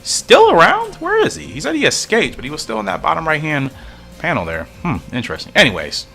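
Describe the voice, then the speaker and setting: A man's voice: fairly high pitch, huge pitch swings, a little fast, gravelly, pushed and bright, soft background music. A man giving casual commentary while reading through a comic, musing and thinking aloud, at times confused.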